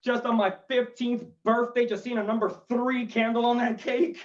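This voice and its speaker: A man's voice: very high voice, flat delivery, moderate pace, distant mic, lo-fi sound. A male stand-up comedian doing a chatty, rambling set from his home over a video call, with self-deprecating asides. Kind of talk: stand-up set for an online show.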